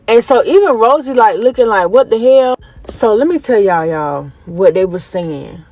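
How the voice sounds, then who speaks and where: A woman's voice: a little high, lively intonation, moderate pace, darkish tone. A woman telling a story time, animatedly retelling events and acting out the voices of the people in it.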